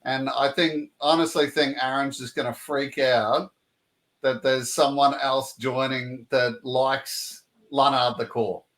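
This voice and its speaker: A man's voice: mid-range voice, fairly even intonation, slow, fairly bright tone. An Australian man hosting a casual interview over a video call, friendly and full of short replies, calling his guest mate. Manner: friendly, says mate, many short backchannels. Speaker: interviewer, channel host.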